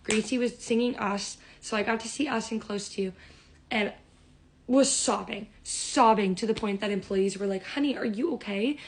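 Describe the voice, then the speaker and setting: A young woman rattles through a storytime vlog, excited and rambling, piling one detail onto the next. Her voice carries a gravelly, fry-edged texture, while her pitch sits right in the middle for a woman. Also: normal speed, poor audio. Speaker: vlogger.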